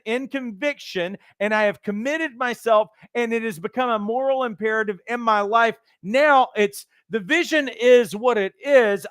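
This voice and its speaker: A man's voice: high-pitched, a bit bright, clean tone, no room sound. A man giving a motivational teaching talk as a coach trainer, earnest and emphatic, building his points through repeated phrases. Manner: acts out quoted voices, occasional restarts.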